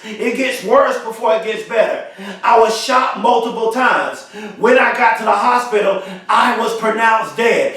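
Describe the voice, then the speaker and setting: A man giving a motivational speech, emphatic and repetitive, stretching key phrases slowly for emphasis. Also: extremely high pitch, fairly bright tone. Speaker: motivational speaker. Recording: very echoey room, mic far off.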